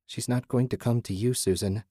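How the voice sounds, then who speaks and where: A man's voice: mid-range voice, fairly even intonation, normal speed, dark tone, no room sound, studio quality, natural voice. A man doing a pleasant, knowing disembodied voice. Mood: soothing, knowing. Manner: soothing, teasing, speaks in riddles.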